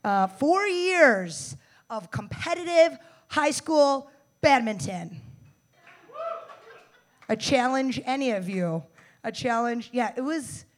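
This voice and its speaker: A woman in her twenties from the United States performing a stand-up set, brash and profane, with loud bursts and mock-tough asides. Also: a little high, lively intonation, takes it slowly, pauses often. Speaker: stand-up comedian.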